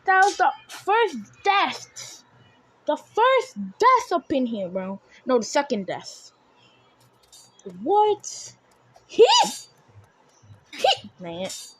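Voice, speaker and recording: A young woman gives running commentary on her own gameplay, breaking into shouts and screams as the game goes on. Her voice sits high and swings widely, and she talks in a slow, drawn-out way. Faint noise hangs in the background. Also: expressive, no room sound. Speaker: gaming video creator.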